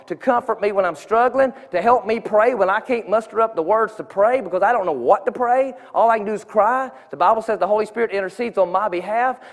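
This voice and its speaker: A man giving an earnest, conversational testimony in a church sanctuary, often restarting his sentences. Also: high-pitched. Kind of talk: informal sermon testimony. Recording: long reverb of a church hall.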